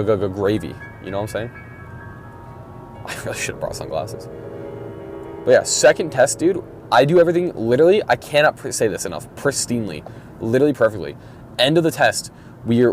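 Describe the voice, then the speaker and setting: A young male vlogger with a fairly low, darkish voice rambles casually and profanely while driving, griping in a mumbled, exasperated way. Faint road noise and vehicle sounds fill the car recording.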